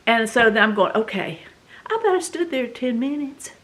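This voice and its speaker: A middle-aged woman with a Southern US accent tells a story in a casual, animated, dramatic way, full of fillers. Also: a little high, normal speed. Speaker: vlog host.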